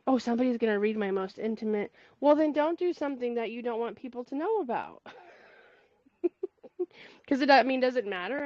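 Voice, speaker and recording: A woman's voice: on the high side, a little mellow, no echo, highs cut off. A woman hosting a community call, chatting casually and rambling through asides with frequent laughs. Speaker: host of a spiritual community call. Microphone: call mic.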